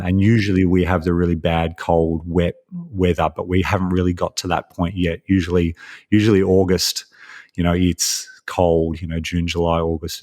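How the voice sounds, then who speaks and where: Deep-voiced Australian man, life coach guest. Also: a little mellow. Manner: friendly, rambling with many fillers. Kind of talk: casual interview talk.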